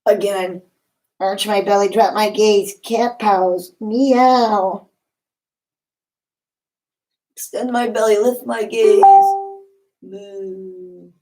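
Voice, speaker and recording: A woman leading a yoga class, giving calm, encouraging step-by-step cues. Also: medium pitch, measured pace, poor audio. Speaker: yoga instructor. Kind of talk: guided yoga class instruction.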